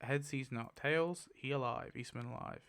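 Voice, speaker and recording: A man giving casual, excitable commentary while spinning a wheel, laughing often and mumbling lists to himself. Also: medium pitch, moderate pace, gravelly. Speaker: YouTuber.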